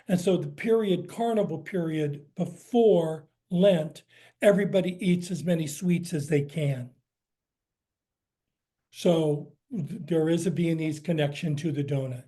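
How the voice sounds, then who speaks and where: A man's voice: a little high, warm tone. An American man, a cookbook author, answering audience questions in a chatty, explanatory way with frequent fillers. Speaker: guest speaker, cookbook author. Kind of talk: lecture Q&A.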